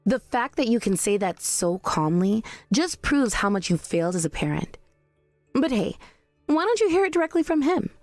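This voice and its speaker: A woman's voice: on the high side, big pitch swings, moderate pace, darkish tone, no echo, soft background music. A woman voicing a cold, blunt young wife who speaks in a cool, cutting, sarcastic way. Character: cold, blunt young wife confronting her mother-in-law. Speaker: daughter-in-law.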